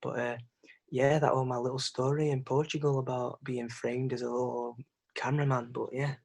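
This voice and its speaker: A young man with a husky, breathy voice tells a holiday mishap story on a podcast. He talks in a casual, animated way and swears freely. His pitch sits in an ordinary middle range. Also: moderate pace. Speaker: podcast co-host.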